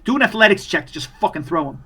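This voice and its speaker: Young man, game master, bright voice, casual profane narration, horror tabletop game. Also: high-pitched, lively intonation, racing, slightly rough. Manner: loose, profane, filler-heavy narration.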